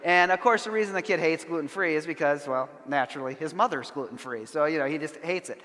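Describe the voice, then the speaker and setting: A middle-aged man speaking from the front of a large church, his voice sitting a little high for a man. He tells stories with dry humor and acts out the people he quotes. A long reverb trails every phrase. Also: fast, a bit bright. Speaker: conference speaker. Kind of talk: plenary lecture with storytelling.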